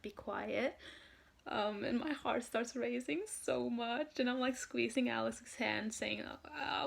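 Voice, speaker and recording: A woman from Norway, telling a story in an excited vlog, full of "like" and "um". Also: a little high, vocal fry. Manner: gushing, excitable, heavy use of "like" and "um". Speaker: vlogger.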